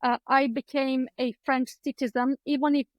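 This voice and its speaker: A woman's voice: high-pitched, little pitch movement, moderate pace, dry recording, highs cut off. A woman with an Eastern European accent, a clinical psychologist chatting as a podcast guest over a video call, telling her story with lots of fillers and acted-out thoughts. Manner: chatty, acts out her own past thoughts, many fillers. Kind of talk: conversational interview storytelling. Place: home room lined with books.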